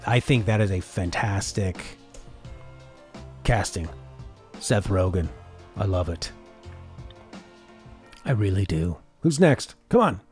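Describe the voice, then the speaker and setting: A man's voice: on the low side, darkish tone. A man streaming a casual reaction chat, talking things over and reading viewer comments aloud before answering them. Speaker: streamer reacting to a game showcase.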